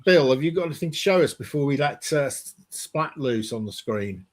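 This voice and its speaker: A man's voice: mid-range voice, lively intonation, brisk. Man hosting a comics chat. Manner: quizzing, upbeat. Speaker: host. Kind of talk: casual chat.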